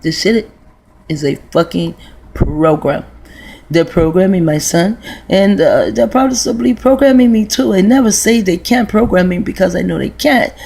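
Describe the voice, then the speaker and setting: Gravelly-voiced woman rambling in a vlog. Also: medium pitch, normal speed, a little mellow. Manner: rambling and profane, with many restarts and fillers. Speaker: vlogger. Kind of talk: casual rambling monologue.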